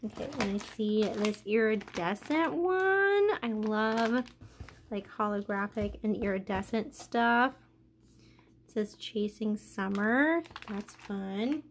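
A young woman chatting casually as she unboxes a craft package, gushing and excited, gasping often. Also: medium pitch, slow pace, slight background noise. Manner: gushing, excited, many gasps and "oh my gosh". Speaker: craft vlogger.

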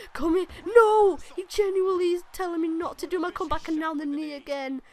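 A woman commentating her own wrestling video game match, excitable and swearing, exclaiming at every move. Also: very high-pitched, normal speed. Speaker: gaming channel host. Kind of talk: let's play commentary.

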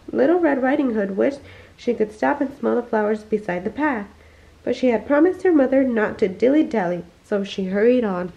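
Woman reading a kids bedtime story, expressive, higher mellow voice, kinda dull lo-fi audio. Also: creaky. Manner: expressive, slows for emphasis. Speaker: family storyteller. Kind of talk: children's bedtime read-aloud.

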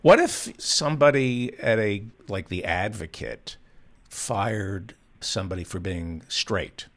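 A fairly low-voiced man hosting a talk-radio show, firing off blunt and provocative questions. He drops wry, half-joking asides between his prompts and talks into a studio microphone. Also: slow, a bit bright.

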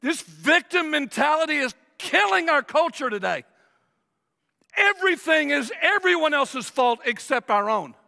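A man preaching in a large church sanctuary with a very high, gravelly voice. His tone is bright and sharp, and his words ring out with a long hall reverb. He preaches emphatically. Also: sing-song, unhurried. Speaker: pastor. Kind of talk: sermon.

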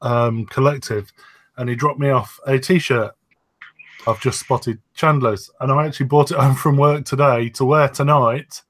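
A man's voice: mid-range voice, fairly even intonation, a little slow. British man chatting loosely on a podcast. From United Kingdom. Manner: rambling, frequent ums. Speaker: podcast co-host. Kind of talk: casual chat.

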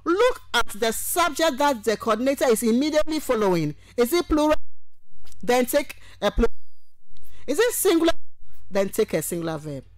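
Woman, radio lecturer, affectionate, patient, animated intonation. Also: on the high side, no echo. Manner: affectionate, calls listeners sweetheart and my dear; patient, repeats points slowly. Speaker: university lecturer. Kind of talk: radio lecture with call-ins.

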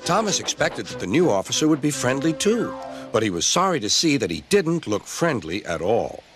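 Gentle storybook narrator man. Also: medium pitch, sing-song, normal speed, soft background music. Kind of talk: storybook reading.

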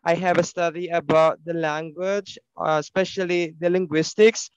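A man from the Philippines, an English teacher talking excitedly and haltingly, often restarting his sentences. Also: fairly high pitch, clear, resonant tone, no echo, low-quality recording. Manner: excited, halting, many restarts and self-corrections. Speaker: English teacher and linguistics postgraduate. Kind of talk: casual online class chat.

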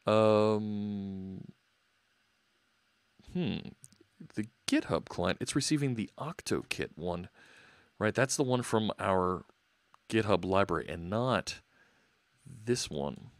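A man's voice: fairly low pitch, lively intonation, takes it slowly, pauses often, no echo. A man hosting a live coding stream, thinking aloud as he works and chatting with viewers. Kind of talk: casual live coding narration.

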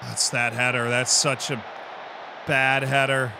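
A man streaming a football management game, who swings from quiet musing to loud commentator-style shouts. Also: level tone, vocal fry, noisy background. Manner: shouts goal calls like a sports commentator; drops low and quick when musing.

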